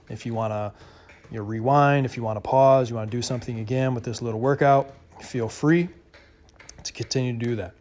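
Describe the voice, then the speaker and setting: Calm male coach with a flat delivery. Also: medium pitch, background noise. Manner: calm, steady coaching with casual fillers. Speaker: basketball trainer. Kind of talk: voice-over workout instruction. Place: home garage.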